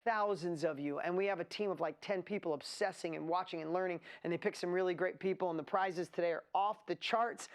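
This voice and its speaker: A woman hosting a live online event, talking in an excitable, rambling way as she builds hype. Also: lowish voice. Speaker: event host. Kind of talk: energetic live webinar presentation.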